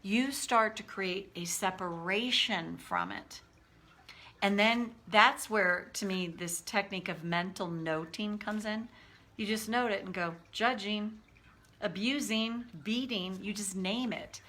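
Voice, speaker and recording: A woman talking casually to her viewers as a coach, animated, acting out inner voices as she explains. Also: mid-range voice, measured pace. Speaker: life coach. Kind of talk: casual teaching talk to viewers.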